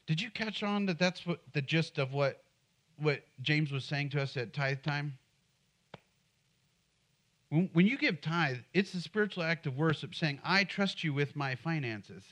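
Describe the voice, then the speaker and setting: A man's voice: a little high, measured pace, long pauses, a bit bright. A middle-aged man preaching a sermon in church, conversational and humorous, often asking the congregation questions. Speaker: pastor.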